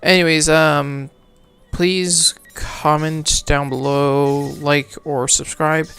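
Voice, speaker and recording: A man reading a game's story aloud for a let's play, halting and correcting himself, then signing off casually. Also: fairly high pitch, flat delivery, creaky, a bit bright, clean tone. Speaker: let's player, reading game text. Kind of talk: reading game narration aloud, casual outro.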